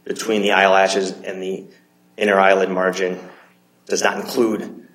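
A man arguing as an attorney in a court, measured and halting, often repeating words as he makes his case. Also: low voice, little pitch movement, fairly bright tone. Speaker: appellate attorney. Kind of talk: courtroom oral argument. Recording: roomy courtroom echo.

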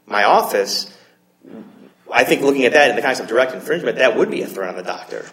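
A man arguing as an attorney in a court, measured and halting, often repeating words as he makes his case. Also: medium pitch, lively intonation, fairly bright tone, slight background noise. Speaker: appellate attorney. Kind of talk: courtroom oral argument. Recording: roomy courtroom echo.

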